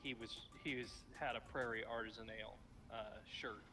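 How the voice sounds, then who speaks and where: A man's voice: mid-range voice, fairly even intonation, a little fast, distant mic, music in the background. A man co-hosting a live gaming stream, chatting in an easygoing way. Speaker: co-host. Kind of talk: casual gaming chat.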